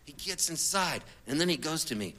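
A man, a singer-songwriter, telling a comic story in an animated, chatty way with laid-back surfer slang. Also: a little high, normal speed.

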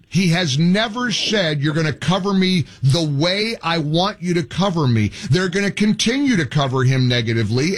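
A male talk radio host with a higher pitch and a husky edge to his voice. He argues heatedly with a caller, mocking and sarcastic in his call-in radio delivery.

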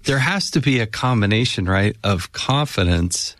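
A man's voice: on the low side, animated, moderate pace, fairly bright tone, no room sound, studio quality. A man hosting a casual conversation, asking short questions and reflecting on what he hears.

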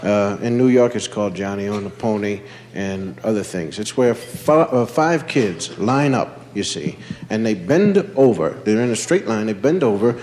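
A man's voice: fairly low pitch, moderate pace, roomy sound, slight background noise. A man from Philadelphia telling a long childhood story on stage as a stand-up comedian, acting out the characters. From Philadelphia, USA. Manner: animated storyteller, acts out characters.

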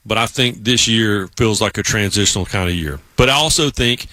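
A man's voice: fairly low pitch, brisk, pushed and bright, dry recording. A man co-hosting a podcast, chatting casually and acting out the voices in his stories. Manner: storytelling, acts out quoted voices. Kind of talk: casual chat.

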